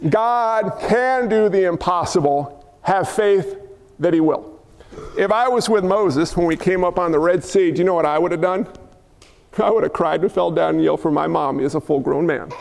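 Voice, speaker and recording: High-voiced animated preacher in a reverberant hall. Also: male voice, normal speed, creaky. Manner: animated, jokey preaching with acted-out quotes. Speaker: pastor. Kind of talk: sermon.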